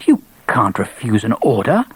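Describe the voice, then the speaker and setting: A man's voice: medium pitch, wildly swooping pitch, normal speed, breathy edge, no echo, voice pushed down, full character voice. A man voicing a bewildered, flustered young male captain who frets anxiously. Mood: fretful. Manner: anxious, fretful.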